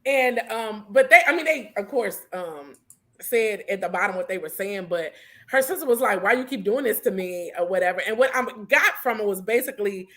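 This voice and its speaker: A woman's voice: mid-range voice, lively intonation, fairly quick, fairly bright tone. A woman co-hosting a casual recap chat, easygoing and agreeable, laughing often. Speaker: podcast co-host.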